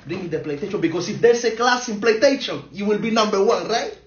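A man's voice: high voice, lively intonation, fast talker, slightly rough, highs cut off, exaggerated voice. A man with a Spanish accent playing a blunt, hot-tempered immigrant dad in a comedy skit, talking in broken English with sarcastic scolding and chuckled asides. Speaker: comedy sketch creator.

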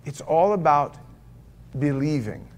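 A man's voice: fairly high pitch, lively intonation, slow, a little mellow. A man preaching a sermon as pastor of a church, telling stories in a conversational way and firing off rhetorical questions.

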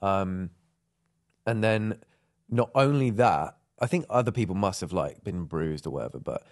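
Young man, lowish voice, rambling, lots of ums, casual podcast chat. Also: lively intonation, normal speed. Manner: rambling, many fillers, laughs often. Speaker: podcast co-host.

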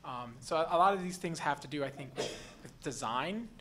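A man's voice: fairly high pitch, animated, a little fast, background noise. A man in a conference audience giving an earnest comment and thinking aloud. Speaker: audience member.

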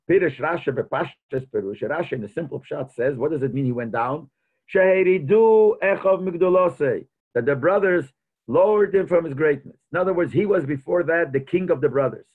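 A man's voice: mid-range voice, fast talker, breathy edge. A man teaching a Torah lesson as a rabbi, mixing Hebrew and Yiddish terms into his English and thinking aloud as he explains. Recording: tinny phone-like audio.

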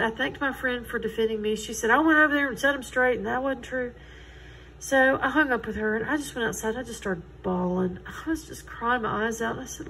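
Middle-aged woman, earnest testimony, slightly high voice, faint background hiss. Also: a little fast, gravelly, a bit bright, poor audio. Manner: earnest, conversational, quotes others in dialogue. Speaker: Christian testimony speaker. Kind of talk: personal testimony storytelling.

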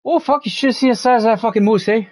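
A man's voice: very high-pitched, fast, darkish tone, pitched above the performer's own voice. A Canadian man putting on an exaggerated, brash stereotypical Canadian voice with an over-the-top drawl. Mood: boastful.

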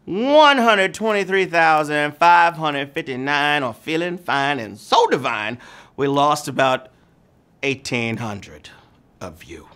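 A man's voice: a little high, animated, slow pace, sharp tone, clean tone. A man hosting a live trivia game show, playful and teasing, calling players "babies" and tossing off little rhymes. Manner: playful, hyped, sing-song with teasing rhymes. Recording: music bed playing under the voice.

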